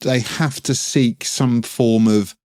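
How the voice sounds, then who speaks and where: A middle-aged English man co-hosting a casual podcast, sardonic and laughing often, with sudden jumps in pitch for emphasis. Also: steady tone, slow, a little mellow, no echo, clean studio sound. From England. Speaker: podcast co-host.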